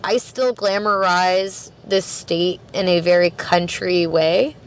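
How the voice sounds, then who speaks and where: A woman's voice: fairly low pitch, fairly even intonation, slow pace. A woman from Canada, a podcast guest, talking in a rambling, chatty way with plenty of fillers and laughter. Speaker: podcast guest, record store worker. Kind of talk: casual interview chat.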